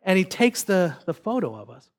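High-voiced young pastor telling a story. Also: male voice, very animated, moderate pace. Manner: conversational, self-deprecating storytelling. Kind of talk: sermon with personal story.

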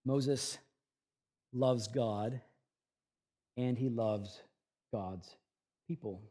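The pastor speaks extremely slowly through an expository sermon, swinging from soft, low reflection to raised urgency. He puts scripture in his own conversational words.

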